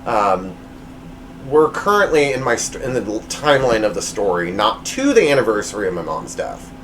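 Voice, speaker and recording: A man's voice: lowish voice, big pitch swings, normal speed, a bit bright, a little hiss or hum, rough recording. A man hosting his own podcast, telling a personal story in a rambling, self-deprecating way with lots of fillers and restarts, recorded at home. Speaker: podcast host.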